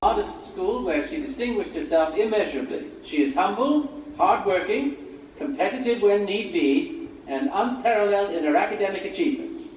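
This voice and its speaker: An actor playing a headmaster who formally introduces a student at a ceremony. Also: male voice, sits high, animated, normal speed, far from the mic. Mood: ceremonious. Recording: echoey TV audio with faint noise, from afar.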